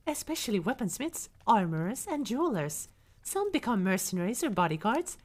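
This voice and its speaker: A young woman streamer reading aloud softly for ASMR, breaking into chatty asides to her chat, close to a studio microphone. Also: mid-range voice. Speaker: livestreamer.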